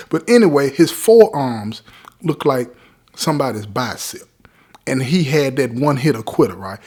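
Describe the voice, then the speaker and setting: A man's voice: a little high, a little mellow. A middle-aged man with a streetwise way of talking tells a raw story from his past. He keeps turning to his listeners as he goes, in loose, casual storytelling. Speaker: podcast host telling his prison story.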